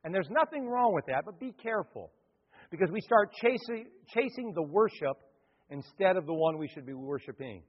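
A man preaching a sermon to a congregation, telling a story with lively acted-out crowd voices. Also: sits high, normal speed. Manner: animated, acts out crowd voices. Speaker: pastor. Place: church hall. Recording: dull lo-fi hall recording.

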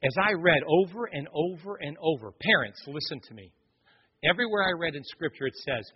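A man's voice: a little high, animated, a little fast, husky. A man preaching a sermon, speaking emphatically and telling stories as he addresses the congregation directly. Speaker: pastor. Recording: echoey hall, dull lo-fi recording.

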